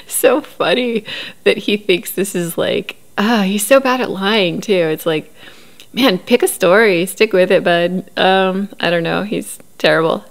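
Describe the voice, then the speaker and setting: A woman's voice: medium pitch, measured pace, vocal fry. A woman recapping a reality show in casual, opinionated commentary, laughing often. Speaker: recap host.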